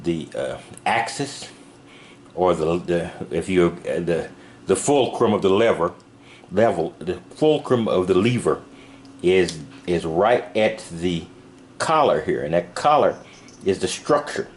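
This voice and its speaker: Male vlogger, low-pitched, halting and chatty, light noise behind. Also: lively intonation. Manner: rambling, halting, many fillers and restarts. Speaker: knife reviewer. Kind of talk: casual product demo vlog. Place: van.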